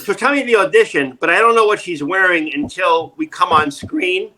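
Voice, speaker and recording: A man's voice: high voice, normal speed, bright, forceful tone. A man, an acting coach, telling self-mocking comic stories in an interview, laughing often and acting out the voices he quotes, on a video call.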